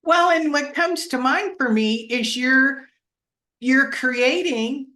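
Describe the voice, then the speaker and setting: A woman's voice: sits high, slow, bright, forceful tone. A woman hosting an interview, reflecting on and affirming what her guest says. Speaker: interview host. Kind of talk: casual interview chat.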